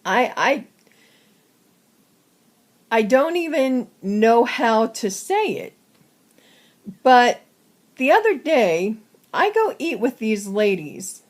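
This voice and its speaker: A woman giving a casual personal update to her viewers, short of breath and halting, with many fillers. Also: fairly high pitch, sing-song. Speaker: vlogger.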